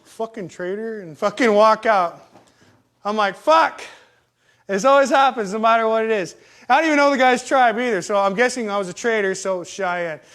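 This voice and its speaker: A young man on a live stream tells profane, rambling stories that poke fun at himself. His voice sits high and sounds fairly bright, and he talks fairly quickly in a casual storytelling manner.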